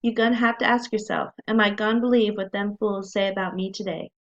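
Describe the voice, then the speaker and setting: A woman's voice: medium pitch, flat delivery, brisk, natural voice. Woman putting on a Southern accent, blunt older woman, stern advice, muffled lo-fi. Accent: Southern US attempt. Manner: reading a quote aloud in a put-on dialect. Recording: dull lo-fi recording.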